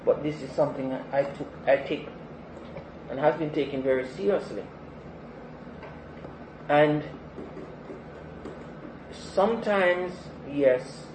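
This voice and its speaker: A man with a slightly high voice preaches an earnest sermon slowly, pausing often and repeating key phrases for emphasis. The recording is an echoey, somewhat dull sanctuary capture with background noise.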